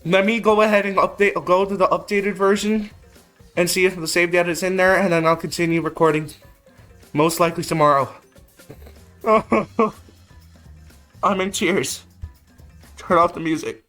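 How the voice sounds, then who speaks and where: A man hosting a let's play, giving casual, emotional game commentary with repeated loud protests. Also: sits high, steady tone, moderate pace, faint music behind. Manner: casual, informal.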